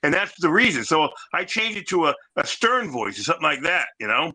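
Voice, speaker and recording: A man's voice: a little high, very animated, fairly quick, a crowd in the background, rough recording. A man hosting a casual chat among collectors, rambling with many restarts and fillers. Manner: rambling, full of restarts and "you know". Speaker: host.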